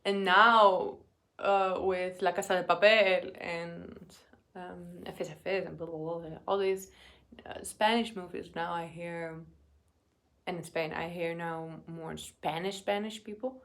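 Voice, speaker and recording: Brief: young adult woman, eating-vlog chat, slow, unhurried delivery, halting, drops to murmurs and whispers. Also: fairly low pitch, steady tone, a bit bright. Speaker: vlogger.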